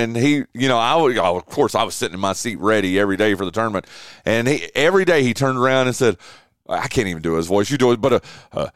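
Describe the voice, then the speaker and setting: A middle-aged man hosts a radio show, telling stories with excitement and saying "dude" a lot. His voice is smooth and resonant and swings widely in pitch, and the sound is dry and close. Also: no echo. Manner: excitable, says "dude" often, tells stories with enthusiasm. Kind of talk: casual radio chat.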